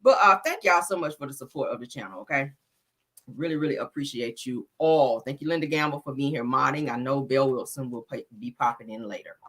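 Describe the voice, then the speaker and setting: Hosting a celebrity news live stream, a woman with a very deep voice dishes casual gossip at a brisk clip. She's sassy and expressive, calling her viewers honey and child.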